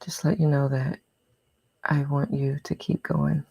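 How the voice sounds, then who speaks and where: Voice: medium pitch, level tone, unhurried, creaky, mellow, slightly rough, no room sound, lo-fi sound. A meditation host talking casually to a livestream audience in an encouraging, chatty way.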